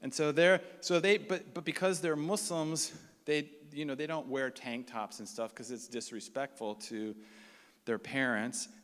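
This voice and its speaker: A man telling a personal story on stage, lively and animated, slipping into the voices of the people he describes. His voice is mid-pitched, and a long hall reverb trails behind every phrase. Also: a little slow. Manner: animated, acts out the people he quotes.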